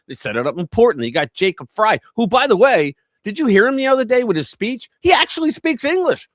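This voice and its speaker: A man's voice: high voice, very animated, brisk, hardly any pauses, a bit bright, no echo, studio quality. A man hosting a live news commentary stream, talking in a blunt, heated, profane way.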